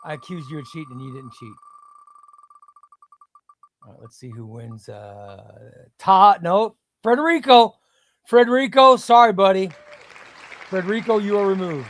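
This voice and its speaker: A man hosting a live stream, chatting casually and bursting into loud exclamations before dropping to quiet muttering. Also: medium pitch, normal speed, long pauses, crowd noise, background noise. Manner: excitable, shouts names then drops to muttering.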